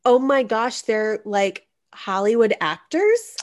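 Chatty unhurried woman podcast co-host. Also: a little high, sing-song. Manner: chatty, swears casually, uses lots of "like". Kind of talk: casual comedic advice chat.

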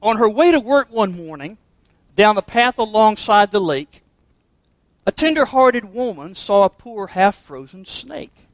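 High-pitched pastor preaching, punchy, lots of questions, dry close sound. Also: male voice, big pitch swings, measured pace, dry recording. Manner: emphatic, with rhetorical questions. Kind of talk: sermon.

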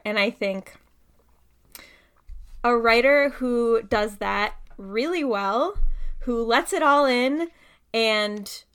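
A woman poet appearing as a guest speaker talks in a slightly high voice, musing casually. She's thoughtful and uses many fillers like "like" and "right" in a conversational talk that includes poetry reading.

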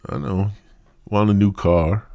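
A man's voice: lowish voice, unhurried, gravelly, a little mellow, dry recording. A man hosting a podcast, delivering a crude, rambling comedic monologue. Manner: rambling, profane. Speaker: podcast host.

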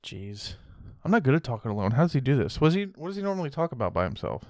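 A man's voice: mid-range voice, very animated, very fast, a little mellow, dry recording. Young man, podcast co-host, blunt and joking, dry close sound. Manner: blunt, joking, swears casually. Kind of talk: casual chat.

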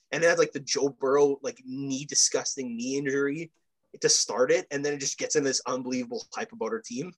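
A man's voice: medium pitch, brisk, low-quality recording. A young man co-hosting a sports podcast, chatting casually and telling stories with eager enthusiasm. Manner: enthusiastic, animated storyteller. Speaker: podcast co-host. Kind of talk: casual chat.

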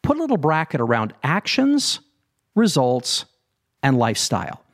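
A man's voice: medium pitch, wildly swooping pitch, normal speed. A man giving a motivational talk, asking rhetorical questions and speaking straight to his listeners. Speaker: self-help speaker.

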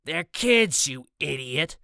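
A man's voice: a little high, expressive, takes it slowly, creaky, sharp tone, no room sound, clean studio sound, exaggerated voice. A man voicing a ruthless male gang leader, barking harsh orders at his crew. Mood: scornful.

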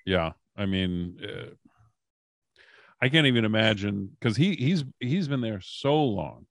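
A man with a very low, gravelly voice tells casual stories as a podcast guest. He rambles, stopping and restarting with lots of fillers. The sound is dry and close, with no room echo. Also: expressive, unhurried. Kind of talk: casual storytelling.

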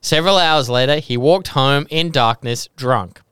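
An Australian man co-hosts a casual storytelling podcast, reading a true-crime tale and breaking into laughs and jokes with his friends. His voice is smooth and resonant, at an ordinary pitch for a man. The sound is dry and close to the mic. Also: a little slow, a bit bright, no echo. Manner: reads the story out, laughing and joking between lines. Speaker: podcast co-host telling the story.

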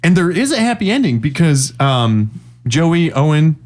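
A man co-hosting a podcast, telling a story in animated casual chat with some swearing. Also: a little high, moderate pace, slight background noise. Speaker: podcast co-host.

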